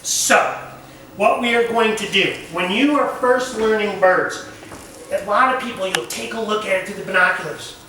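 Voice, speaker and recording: A man teaching a camp nature lesson, animated and asking the group questions. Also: sits high, normal speed, a little hiss or hum. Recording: echoey room recorded from far off.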